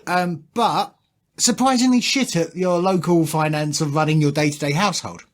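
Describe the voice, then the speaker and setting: A man co-hosting a podcast, teasing his friends in a playful, animated way. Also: on the high side, moderate pace. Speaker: podcast co-host. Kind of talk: casual chat.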